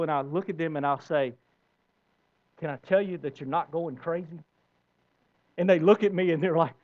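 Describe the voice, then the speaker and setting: A man's voice: fairly high pitch, darkish tone, highs cut off. A man preaching a sermon as pastor, emphatic, with rising bursts and repeated words.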